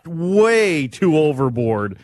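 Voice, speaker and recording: A man's voice: on the high side, sing-song, slow pace, a little mellow. A man co-hosting a sports talk show, chiming in with casual, chatty commentary. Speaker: sports radio co-host.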